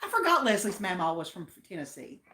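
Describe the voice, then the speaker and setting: A woman's voice: fairly low pitch, very animated, brisk, very noisy. A woman with an Appalachian accent co-hosting a livestream, chatting in a homey, folksy way and reading viewer comments. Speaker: livestream co-host. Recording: roomy echo.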